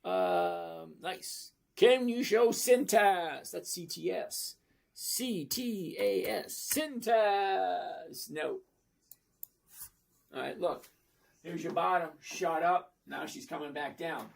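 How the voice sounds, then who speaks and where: A man's voice: fairly high pitch, sing-song, slow, vocal fry. An older retired man casually hosting a live stock chat, blunt and rambling, answering viewers one by one. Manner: chatty, blunt, rambling asides. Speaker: stock market livestream host.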